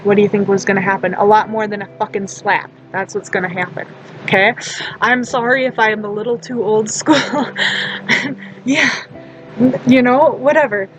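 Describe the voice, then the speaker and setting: Speaking at a normal speed in a mid-range, steady voice, a woman chats casually for a storytime vlog. She's blunt and profane, rambling with many fillers, restarts, and frequent laughs, while faint music plays behind a rough recording.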